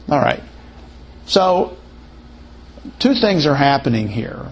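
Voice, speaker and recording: Husky-voiced man teaching a Bible passage. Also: fairly high pitch, big pitch swings, takes it slowly, long pauses, highs cut off. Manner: reads verses aloud, then muses on them with many hedges.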